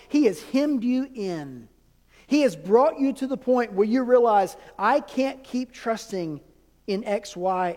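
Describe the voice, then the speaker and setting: High-voiced man preaching in a reverberant hall. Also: a little mellow. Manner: emphatic preaching with rhetorical questions and dramatic pauses. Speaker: pastor. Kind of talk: sermon.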